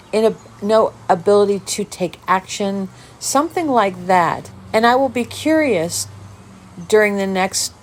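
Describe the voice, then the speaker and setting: A woman hosting her own video diary podcast, musing aloud in a meandering, reflective way. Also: mid-range voice. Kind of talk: personal diary monologue.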